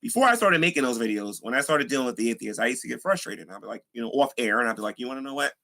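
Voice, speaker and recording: Brief: earnest male street preacher, bright edgy voice, rambling casual talk. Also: medium pitch, expressive, rapid-fire, vocal fry. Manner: rambling, earnest, many fillers. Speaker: Christian YouTuber, street evangelist.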